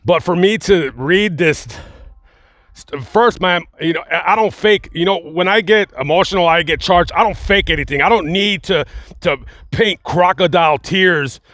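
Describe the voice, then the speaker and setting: A man hosting a heated commentary video, blunt and emphatic, speaking angrily with halting restarts. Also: sits high, fairly bright tone, no echo. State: angry and upset. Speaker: YouTube commentary host. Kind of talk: heated direct-to-camera commentary.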